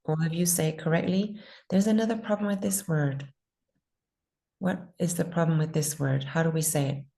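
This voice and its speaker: Low-voiced woman teaching pronunciation. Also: fairly even intonation, vocal fry, dark tone. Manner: patient, encouraging, models words slowly and repeats them. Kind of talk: online class instruction.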